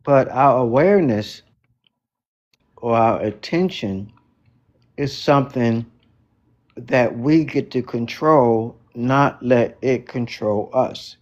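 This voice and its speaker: Slow, deliberate man on dull call audio. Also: mid-range voice, darkish tone. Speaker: book club participant. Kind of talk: reflective sharing in a group call.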